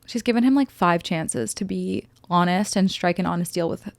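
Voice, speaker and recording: A woman reviewing a film in casual chat, retelling scenes expressively and dropping into quick voices for the characters. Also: fairly low pitch, gravelly, no room sound. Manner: chatty, expressive, quotes characters in little voices. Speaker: movie reviewer.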